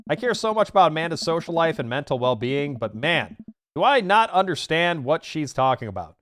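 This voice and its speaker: Streamer dude reacting to a game, excitable, swears a lot, jumpy lively pitch, faint music behind. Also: male voice, fairly quick. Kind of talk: casual gaming stream commentary.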